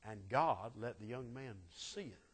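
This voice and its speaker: A man preaching a sermon, telling a Bible story dramatically and swinging from loud peaks to hushed asides. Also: medium pitch, animated, measured pace, breathy edge. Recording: long hall reverb.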